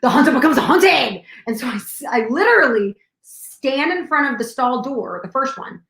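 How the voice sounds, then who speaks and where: A young woman telling a personal story in an animated way, acting out the scenes with sudden drops and bursts of volume. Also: high-pitched, normal speed. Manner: dramatic, acts out scenes with shifts in volume. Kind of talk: animated anecdote. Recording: echoey room.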